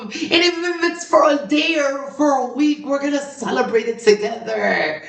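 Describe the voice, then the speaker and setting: A woman hosting a casual solo podcast, excitable and repetitive, swinging between low musing and high, loud exclamations. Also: moderate pace, gravelly, distant mic. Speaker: podcast host. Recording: roomy, from off the mic.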